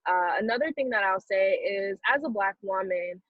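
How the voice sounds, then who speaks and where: A woman with a Southern US accent from South Carolina, speaking as a guest in an earnest interview, thoughtful and measured with frequent "um" fillers. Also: mid-range voice, no echo. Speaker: philanthropy guest. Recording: dry, slightly dull lo-fi sound.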